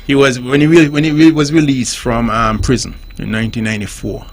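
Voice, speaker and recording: Gravelly-voiced man lecturing. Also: mid-range voice, fairly even intonation, brisk. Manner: didactic, keeps asking if the listener understands. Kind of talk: call-in radio discussion.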